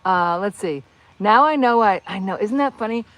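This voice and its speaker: A middle-aged woman with a New Jersey accent, hosting a casual live stream and reacting excitedly to viewer comments. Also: mid-range voice, normal speed, slight background noise. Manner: chatty, excitable, reads viewer comments aloud. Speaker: channel host.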